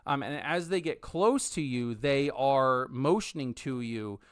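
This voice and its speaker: A man narrating a tabletop role-playing game as game master, halting, with many ums and restarts. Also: medium pitch, clear, resonant tone, dry recording, clean studio sound.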